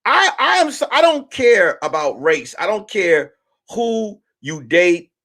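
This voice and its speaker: High-voiced, animated male comedian. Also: takes it slowly. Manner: animated, profane, rambling restarts. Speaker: comedian host. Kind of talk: live-stream comedy rant.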